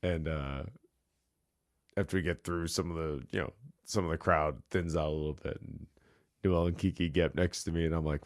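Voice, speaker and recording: Low-voiced man, podcast host, casual storytelling, laughs a lot, dry close mic. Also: fairly even intonation, fairly quick, dry recording. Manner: laughs often through the story. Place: small home bar.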